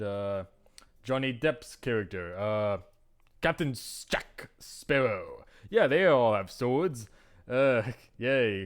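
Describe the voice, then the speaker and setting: A man giving casual, joking commentary while reading a visual novel, rambling with fillers. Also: lowish voice. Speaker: let's play host.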